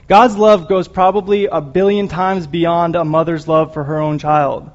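A man's voice: fairly high pitch, fairly even intonation, unhurried. A man giving an earnest, emotional sermon, rambling at times with restarts and apologies. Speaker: lay preacher. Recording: dull lo-fi recording.

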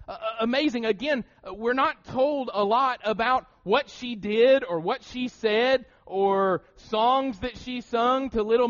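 A man's voice: high-pitched, muffled recording. A man in his thirties with an Appalachian American accent, preaching a sermon with lots of rhetorical questions and restarts into a pulpit mic in a church. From Southern United States. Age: 30s. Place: church sanctuary. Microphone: shared pulpit mouthpiece mic.

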